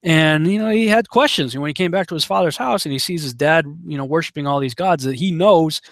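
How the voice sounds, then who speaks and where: A male Bible teacher delivers a relaxed, conversational sermon that moves between storytelling and scripture reading. His voice sits a little above the usual male pitch. The recording is dry and close, with no room echo. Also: fast. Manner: conversational, with many fillers and restarts, reads scripture aloud.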